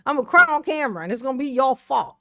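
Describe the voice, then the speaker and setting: Woman, high-pitched, sassy commentary, dry close sound. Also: expressive, fast, bright, forceful tone, dry recording. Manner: sassy, profane, laughs often. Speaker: reaction channel host. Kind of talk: casual commentary on a clip.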